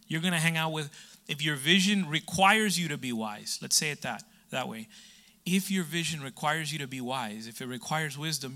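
Bright-voiced male preacher. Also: on the high side. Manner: conversational preaching with humor and asides to the congregation. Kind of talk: sermon.

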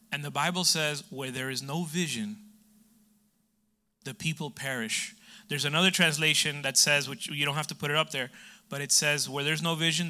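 Middle-aged male preacher, very bright tone, slightly high voice, chatty sermon delivery with jokes. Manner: conversational preaching with humor and asides to the congregation.

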